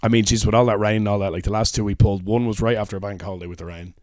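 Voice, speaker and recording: A young man co-hosting a comedy podcast, chatting casually with animated, swearing storytelling. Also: fairly low pitch, very fast, no room sound, studio quality. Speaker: podcast co-host. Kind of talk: casual banter.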